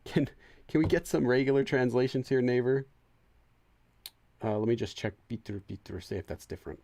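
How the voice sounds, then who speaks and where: A man's voice: medium pitch, brisk, gravelly, mellow. A young man hosting a casual let's-play, chatting, laughing often and translating game text as he goes. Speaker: gaming channel host.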